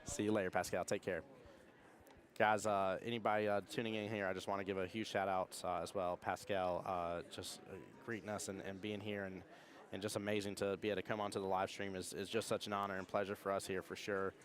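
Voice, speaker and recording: A man's voice: low voice, level tone, fairly quick. An American man giving chatty, rambling live stream commentary at a pool tournament. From United States. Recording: crowd noise.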